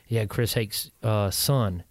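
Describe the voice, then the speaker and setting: A combat veteran, a man with a fairly low voice, speaks a little slowly on a podcast recorded indoors with no echo. He's an animated storyteller, casually recounting war stories, cursing freely and putting on the voices of people he quotes.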